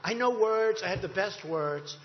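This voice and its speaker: A boastful man with a high, breathy voice, speaking in repetitive bursts. The clip sounds dull and lo-fi, with long hall reverb trailing every line. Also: animated, measured pace. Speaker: public speaker in a played clip. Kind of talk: speech excerpt.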